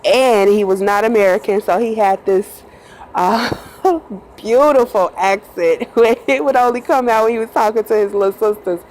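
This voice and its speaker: A woman's voice: mid-range voice, moderate pace, a little mellow, a little hiss or hum, low-quality recording. A woman who drives a bus, telling a personal story in a casual, chatty way, laughing often and acting out quotes. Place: in a bus at night.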